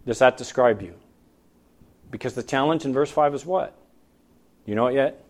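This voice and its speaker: A male pastor preaching a sermon in a church, firing rhetorical questions and swinging between loud emphasis and soft, low asides. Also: moderate pace, pauses often.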